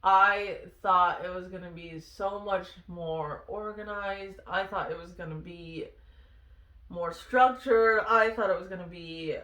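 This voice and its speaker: A woman's voice: lowish voice, fairly even intonation, unhurried, pushed and bright. A woman, a former Marine, telling stories in a candid, exasperated, freely swearing vlog style. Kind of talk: casual storytelling vlog. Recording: roomy echo.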